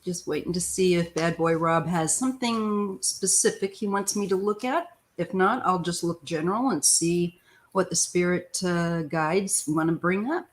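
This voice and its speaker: A woman's voice: lowish voice, normal speed. A middle-aged woman hosting a casual live-stream tarot chat from home, greeting viewers by name in an easygoing way. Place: home, near the front door.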